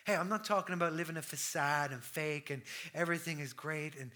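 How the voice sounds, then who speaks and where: A man in his thirties preaching a sermon with passion, swinging from loud declarations to hushed near-whispers. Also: fairly high pitch, fairly quick.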